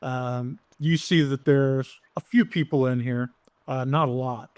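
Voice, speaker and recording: Halting man running a tabletop game. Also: medium pitch, fairly even intonation, darkish tone, no echo. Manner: hesitant, many fillers and restarts. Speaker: game master.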